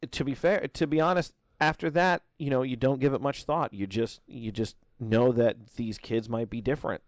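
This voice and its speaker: A man's voice: mid-range voice, fairly even intonation, normal speed, no echo, clean studio sound. A man in his thirties hosting a podcast, telling a story casually with many fillers and restarts. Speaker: podcast host.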